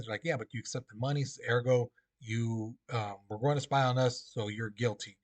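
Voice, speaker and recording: A male teacher giving a casual classroom history lecture, full of fillers and "okay?" check-ins. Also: medium pitch.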